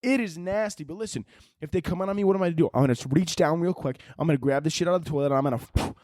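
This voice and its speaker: A man hosting a solo podcast, rambling through a crude, profane comedic monologue with animated swings in his delivery. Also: on the high side, rapid-fire, dry recording, clean studio sound. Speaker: podcast host.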